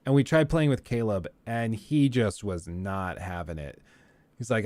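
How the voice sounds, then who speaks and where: A man's voice: on the low side, measured pace, a little mellow, dry recording. A young man hosting a live stream, chatting casually with viewers in a rambling, joking way and laughing often.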